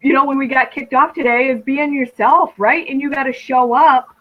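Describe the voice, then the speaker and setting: A woman's voice: high voice, fairly even intonation, normal speed. Affirming woman host, dull lo-fi audio. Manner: encouraging, affirming with "right?" and "you know". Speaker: podcast host. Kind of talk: casual podcast chat.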